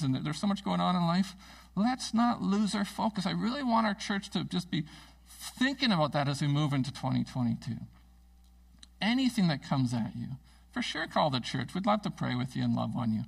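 A middle-aged male pastor giving a casual, conversational sermon in a church, self-deprecating and animated when he tells stories. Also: high voice, gravelly, distant mic, rough recording. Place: church sanctuary.

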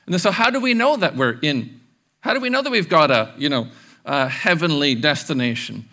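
A man in his forties preaching a sermon as pastor, chatty and animated, acting out little quotes along the way. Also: on the high side, moderate pace.

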